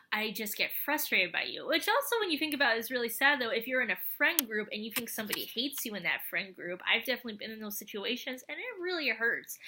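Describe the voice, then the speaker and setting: A young woman chatting casually in a review vlog, animated and full of fillers, often acting out her own reactions. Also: a little high. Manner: chatty, animated, lots of fillers and acted quotes. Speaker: show reviewer.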